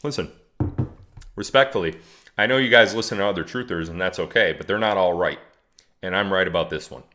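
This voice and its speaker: A chatty man hosts a casual livestream and talks straight to his viewers. His voice sits fairly low. He reads comments aloud and mocks them as he goes. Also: fairly quick, pauses often, sharp tone, slight background noise. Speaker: livestream host. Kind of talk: casual livestream talk to chat.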